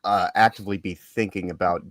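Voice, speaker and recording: A man chatting casually on a live show, offering his points hesitantly with plenty of pauses and fillers. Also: low-pitched, fairly even intonation, a bit bright, dry recording. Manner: hesitant, tentative, fills with uh. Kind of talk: casual chat.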